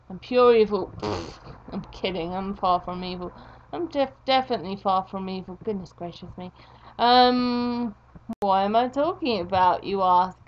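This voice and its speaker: A woman's voice: mid-range voice, highs cut off, a little hiss or hum. A young woman chatting casually while she draws, rambling and poking fun at herself. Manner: rambling, self-mocking chatter. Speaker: art vlogger. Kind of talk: casual chat while drawing.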